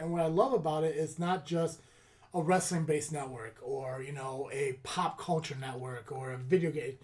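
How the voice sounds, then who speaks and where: A man chats casually on a podcast, his voice sitting a little higher than most men's. He rambles, circling back with fillers and half-finished starts as he lays out his plans. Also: fairly even intonation, fairly quick, darkish tone. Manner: rambling, with many fillers and restarts. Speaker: podcast host. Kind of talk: casual chat.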